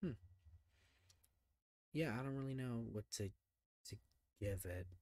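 A man co-hosting a podcast, reviewing films in a relaxed, hedging, rambling way. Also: mid-range voice, a little slow, dry recording, studio quality. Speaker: podcast co-host. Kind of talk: casual film review chat.

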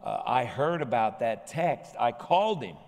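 Man, pastor, animated humorous storytelling, sermon, long hall reverb, stage mic. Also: medium pitch, unhurried. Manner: animated anecdote with humorous asides. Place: large church sanctuary.

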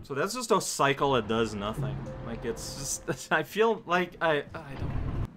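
Guy narrating his game slowly, bright voice, swings up and down a lot, keeps blowing up in frustration. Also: mid-range voice, very animated, music in the background. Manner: muttering, bursting into exasperated shouts. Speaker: let's play commentator. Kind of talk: casual gameplay commentary.

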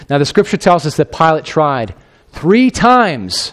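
Animated storytelling pastor, man. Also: fairly high pitch, unhurried. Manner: animated, acts out the quoted figures in a raised voice; conversational, with asides to the congregation. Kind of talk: sermon storytelling.

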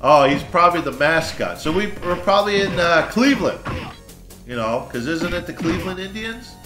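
A man commentating on his own gameplay, excitable, swearing and shouting at enemies. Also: fairly high pitch, moderate pace. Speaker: let's play host. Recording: echoey room with game music.

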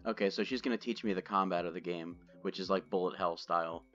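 Gaming host, low-pitched and casual, swears freely; dull desk-mic sound with game music under it. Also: male voice, steady tone, fast talker, fairly bright tone. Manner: chatty, loose, swears and jokes. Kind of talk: casual gameplay commentary. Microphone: desk microphone.

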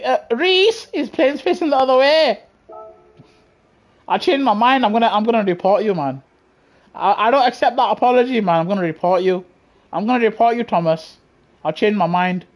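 A man's voice: sits high, moderate pace. A man streaming a racing game live, chatting to viewers casually in slang and repeating himself. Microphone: gaming headset.

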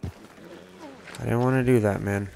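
Gamer commentator: man, low gravelly voice, relaxed swearing, faint noise behind. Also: takes it slowly. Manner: laid-back, profane muttering. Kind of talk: casual gameplay commentary.

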